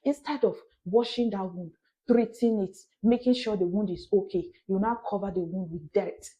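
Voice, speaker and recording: A woman's voice: medium pitch, fairly even intonation, moderate pace, dark tone. A young adult woman giving an emphatic, repetitive self-help talk in a preacher-like manner. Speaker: motivational vlogger.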